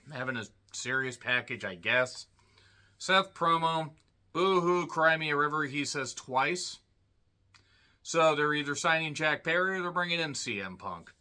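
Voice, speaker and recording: A man giving a casual spoken review of a wrestling show, sardonic and dry, often clearing his throat. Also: medium pitch, sharp tone.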